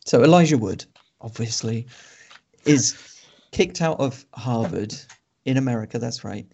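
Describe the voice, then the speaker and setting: A man co-hosting a film podcast, reviewing a movie in a dry, sardonic way with many pauses and ums. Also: medium pitch, animated, gravelly, darkish tone, husky. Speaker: podcast co-host reviewing films. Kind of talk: casual film review chat. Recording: dull lo-fi podcast audio.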